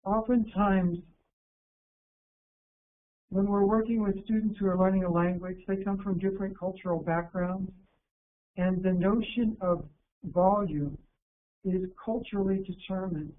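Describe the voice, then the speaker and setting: A man from the United States giving an instructional workshop talk to teachers, calm and deliberate, slowing down to stress key words. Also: high-pitched. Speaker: teacher educator presenting a workshop. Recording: narrow phone-like sound with faint hiss.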